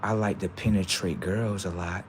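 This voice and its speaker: A man playing a spacey, detached oddball who talks about "human beings" in a calm, low, matter-of-fact murmur. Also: normal speed, a little hiss or hum, close to an everyday voice. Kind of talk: comedy skit character.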